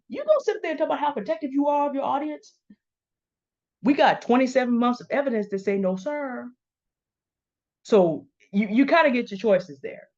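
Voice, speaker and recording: A middle-aged woman giving pointed, confrontational commentary, speaking straight to the people she calls out by name. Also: fairly high pitch. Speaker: commentary host. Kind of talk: direct-address commentary. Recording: dull lo-fi sound.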